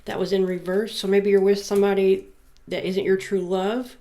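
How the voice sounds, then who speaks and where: Woman, tarot reader, gravelly voice, casual musing delivery. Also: medium pitch, flat delivery, moderate pace, warm tone. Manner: reads card messages aloud, muses and jokes between them.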